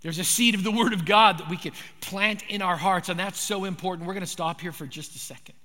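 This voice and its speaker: A man preaching a sermon in a high, bright, forceful voice. He drives his points home with emphatic, repeated phrases, and a long hall reverb trails his words. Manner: emphatic, repetitive preaching cadence. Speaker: pastor.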